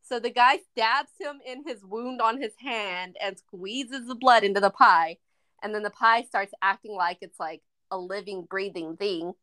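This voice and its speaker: Bright-voiced woman retelling a movie. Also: medium pitch, unhurried. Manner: retells plot at length, acting out lines. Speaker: podcast co-host. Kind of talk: casual movie review chat.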